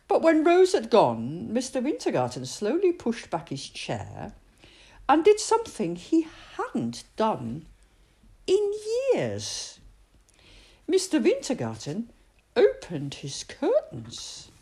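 A woman reading a picture book aloud, expressive, with dramatic pauses. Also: a little high, slightly rough. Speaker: storyteller.

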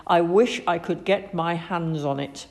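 A woman's voice: on the low side, unhurried, darkish tone. A woman voicing a grumbling father in a children's story. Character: grumbling father, adult man.

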